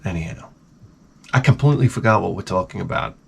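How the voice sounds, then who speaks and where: A man's voice: sits low, animated, quick pace, gravelly, a little hiss or hum. Middle-aged Long Island guy, sarcastic rambling rant, lots of swearing. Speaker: vlogger. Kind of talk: ranting comedic storytelling.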